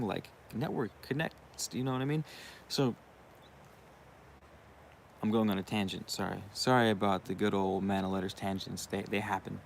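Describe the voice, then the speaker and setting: A man's voice: lowish voice, normal speed, creaky, pauses often, a little hiss or hum. A young man hosting his own channel, talking in a rambling, casual monologue with frequent swearing and asides. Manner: profane, rambling, uses you know what I mean often. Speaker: channel host.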